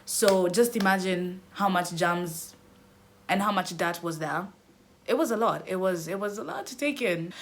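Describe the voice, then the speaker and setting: A young woman vlogger telling a dramatic storytime, squealing into high cries as she acts out her panic. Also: unhurried, slight background noise. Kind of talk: animated storytime.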